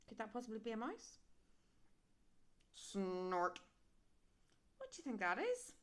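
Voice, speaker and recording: Lively woman reading a storybook. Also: a little high, moderate pace, long pauses. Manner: animated, with sound effects and asides to listeners. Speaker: storyteller reading a picture book to children.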